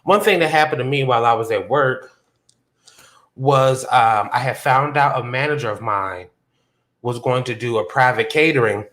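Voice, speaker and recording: A man chatting casually on his own live show, easygoing and talkative. He tells a story from his workday with an animated delivery and shoots up high whenever he acts out his own reactions. His voice sits in an ordinary middle pitch. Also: moderate pace. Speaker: podcast host. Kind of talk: casual livestream chat. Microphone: phone on a hotspot.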